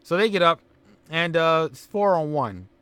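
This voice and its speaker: A man commentates a casual let's-play recap of a wrestling simulation game, rambling with fillers and the occasional chuckle. His fairly high voice has lively intonation and a sharp yet smooth tone, delivered unhurriedly in a dry recording.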